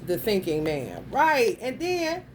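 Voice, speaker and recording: Speaking slowly in a high-pitched voice with enormous swings in pitch, a woman vlogger rants crudely and bluntly, her rambling stream of thought loaded with curses and street slang. Faint background noise can be heard.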